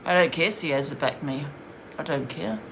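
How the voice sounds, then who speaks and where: A woman's voice: sits low, expressive, a little fast, fairly bright tone, slight background noise. A woman streaming live, bluntly and scornfully ranting while she answers viewers' comments. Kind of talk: heated live-stream rant.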